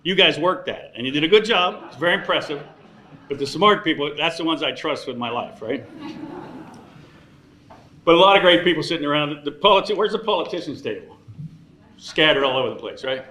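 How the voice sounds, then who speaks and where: A man in his sixties works the room at a dinner, trading jokes and thank-yous with a bright, lifted voice. His words bounce around a large echoey banquet hall with faint room noise underneath. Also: a little high, animated, a little fast, long pauses. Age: 60s. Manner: wisecracking, teasing the audience. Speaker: dinner emcee. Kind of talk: joking dinner speech.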